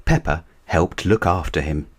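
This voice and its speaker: A man reading a children's picture book aloud at a slow, unhurried pace. His voice is low and deep, and his delivery stays measured and even. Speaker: narrator. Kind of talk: storybook reading.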